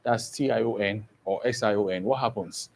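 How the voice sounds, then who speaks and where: A man's voice: on the low side, creaky, darkish tone, low-quality recording. A man teaching an online exam-prep English lesson, explaining step by step, repeating key terms and checking in with "okay?" often. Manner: slow, repetitive explaining with frequent "okay?" checks.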